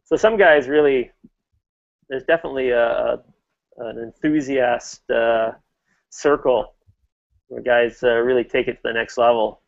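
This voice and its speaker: A man's voice: medium pitch, steady tone, measured pace, gravelly, pauses often, muffled recording. A man hosting a casual motorcycle chat, talking in a rambling way with lots of fillers and restarts.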